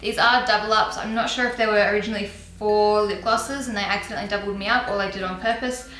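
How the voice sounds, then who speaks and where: A woman's voice: mid-range voice, steady tone, quick pace, a bit bright, roomy sound, rough recording. A young woman chatting casually and giggling as she shows and tries out makeup on her channel. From Australia. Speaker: beauty vlogger. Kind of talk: casual chat.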